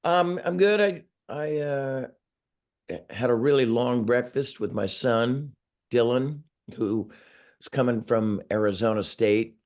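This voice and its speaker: A man in his sixties chats loosely as an interview guest over a video call. He rambles and restarts his sentences, chuckling as he goes, and his voice sits at an ordinary middle pitch. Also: slow, a little mellow. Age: 60s. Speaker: singer being interviewed. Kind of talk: casual interview chat.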